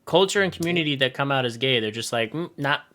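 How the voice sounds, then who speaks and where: A man co-hosting a podcast, chatting casually with quick reactions and jokes. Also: medium pitch, expressive, sharp tone. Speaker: podcast co-host. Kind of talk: casual chat.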